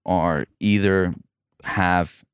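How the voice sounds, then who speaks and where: A man from the Emirates with a fairly low voice talks loosely and playfully, breaking off and restarting his sentences as he goes. The recording is dry and close. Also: drawn-out words, clean tone, no echo. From United Arab Emirates. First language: Evazi Persian. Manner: animated, restarts often, playful. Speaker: guest comedian. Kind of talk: casual interview chat.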